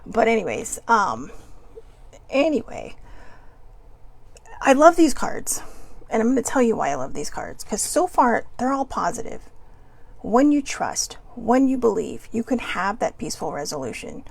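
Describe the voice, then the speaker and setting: A woman's voice: fairly high pitch, sing-song, measured pace, vocal fry, long pauses, slightly rough. A woman host chatting casually to viewers as she reads oracle cards, rambling and upbeat with playful asides. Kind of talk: casual spiritual chat to viewers.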